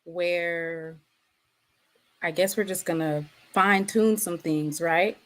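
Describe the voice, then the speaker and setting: A woman's voice: lowish voice, fairly even intonation, slow pace. A woman, hosting a casual livestream and talking straight to the people in the chat. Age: 30s. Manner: chatty, addresses the chat directly. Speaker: livestream host.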